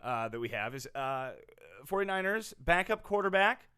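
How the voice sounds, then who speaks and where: High bright voiced guy co-hosting a comedy sports podcast, deadpan and casual. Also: normal speed, clear, resonant tone. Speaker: podcast co-host.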